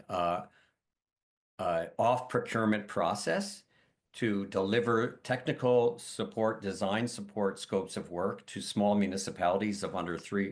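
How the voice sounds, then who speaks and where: An older man speaking as a panelist on a video call, measured and explanatory, with frequent fillers. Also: deep voice. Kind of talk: explanatory webinar talk.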